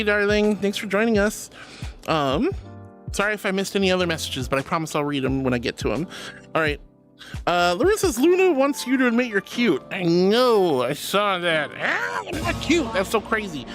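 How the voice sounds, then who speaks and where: A bubbly woman streamer chats with her viewers warmly and affectionately, calling them darling and sweetheart. Her voice jumps up and down with animated pitch. Soft music plays quietly in the background. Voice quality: squeaky laugh. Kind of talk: live-stream chat reading.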